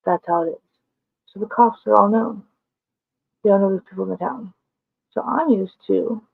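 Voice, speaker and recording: A woman's voice: medium pitch, creaky, dry recording. A woman vlogger telling a story in a blunt, emphatic way, with frequent cursing. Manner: blunt, profane, emphatic retelling. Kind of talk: casual storytelling. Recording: tinny phone-like sound, dry.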